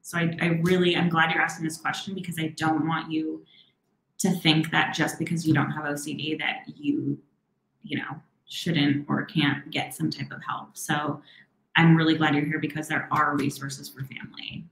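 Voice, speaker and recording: A woman therapist answering viewer questions on a live stream, encouraging and reassuring, often speaking quickly and then slowing herself down. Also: low-pitched, flat delivery, gravelly, reverberant, rough recording. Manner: warm, encouraging, talks fast and slows herself down.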